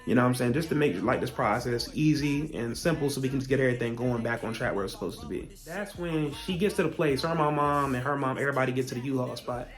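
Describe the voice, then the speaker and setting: A young man telling a storytime vlog, profane and heated, with animated rants he acts out as quotes. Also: mid-range voice, fast talker, hardly any pauses. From Virginia, US. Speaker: vlogger.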